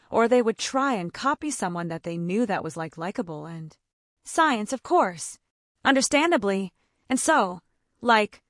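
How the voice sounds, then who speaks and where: A woman's voice: mid-range voice, dry recording, studio quality. A mother of autistic children giving casual advice, chatty and full of "like", acting out the conversations she describes. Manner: chatty, fills speech with "like", acts out quoted dialogue.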